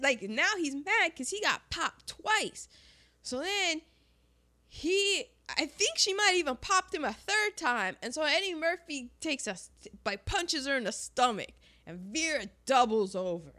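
A woman with a high, bright voice that swings up and down as she eagerly recaps a movie in casual conversation. She acts out the characters' lines as she goes and laughs often. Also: slow. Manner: animated retelling, acts out quotes, laughs often.

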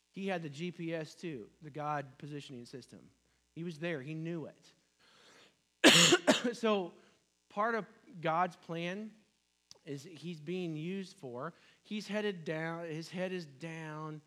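A man's voice: fairly high pitch, animated, a little slow, fairly bright tone. A man preaching a sermon in a conversational way, often asking "right?" and acting out whispered lines. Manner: conversational, with frequent "right?" asides; acts out dramatic whispered lines as God.

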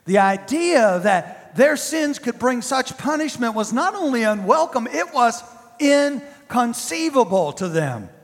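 A male pastor preaches with emphatic repetition, slowing down to stretch out his key words. His voice is unusually high for a man, and it echoes with a long reverb that fills a large hall. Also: big pitch swings. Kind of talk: sermon.

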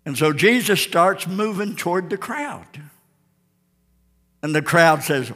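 A male pastor preaching a sermon with dramatic storytelling, swinging between shouts and hushed tones. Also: high-pitched, expressive, takes it slowly, pauses often. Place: church sanctuary. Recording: reverberant church hall.

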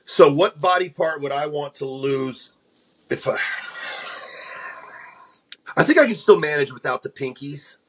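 A man's voice: fairly high pitch, animated, measured pace, long pauses, husky. A middle-aged man co-hosting a casual podcast, blunt and jokey in a plain-spoken way. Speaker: podcast co-host.

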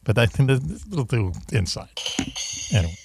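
A man's voice: medium pitch, very animated, fairly quick, over music. A man with a Boston accent hosting a casual video-call chat show, rambling and self-deprecating with lots of fillers. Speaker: host.

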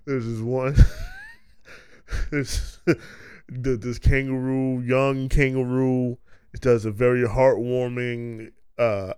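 A man's voice: medium pitch, a little mellow, clear, resonant tone, no room sound, clean studio sound. A man hosting a podcast, riffing through a rambling, profane comic monologue with bursts of laughter. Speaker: podcast host.

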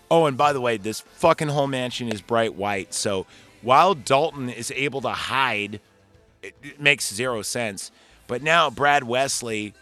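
Male podcast host, casual and profane, rambling recap delivery, faint music bed. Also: medium pitch. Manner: rambling, profane, animated retelling. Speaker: podcast host reviewing a movie. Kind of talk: casual chat.

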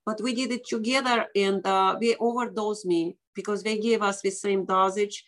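A woman guest, a doctor, telling a dramatic personal story in casual interview talk, with non-native English grammar and lively quoted voices. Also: medium pitch, moderate pace, hardly any pauses.

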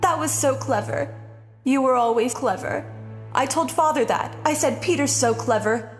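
A woman's voice: normal speed, soft background music, lightly acted. A woman reading an audiobook, voicing a hysterical, clinging noblewoman who pleads and sobs. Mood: pleading hysterical. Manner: shrill, pleading, sobbing. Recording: long hall reverb.

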